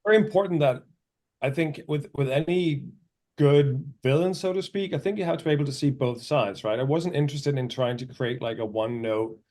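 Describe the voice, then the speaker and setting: A man's voice: medium pitch, fairly quick, warm tone. A man who grew up in Denmark, an actor chatting casually and animatedly on a video call interview. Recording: remote video call audio.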